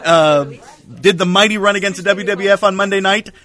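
Guy on the podcast panel, kinda high voice, quick and jokey. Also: steady tone, bright, forceful tone. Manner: quick, joking asides. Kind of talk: casual group chat.

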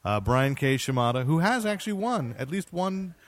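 A man hosting a casual podcast from a bar and grill, with wry, quick comebacks. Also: a little high, very animated, dry recording. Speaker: podcast host.

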